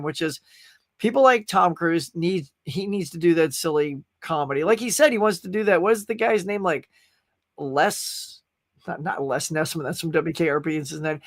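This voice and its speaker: A high-pitched man from the United States hosts a live pop culture stream, chatting in a loose, rambling way and reacting to viewers' comments. He sits close to the mic in a dead, dry room. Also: fairly bright tone, no room sound.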